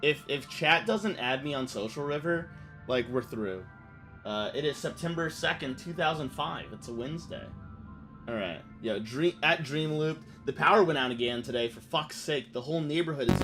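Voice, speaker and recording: A man with a slightly high, somewhat bright voice streams a game in let's-play style. He talks loosely, swears a lot and reacts aloud to whatever he reads on screen.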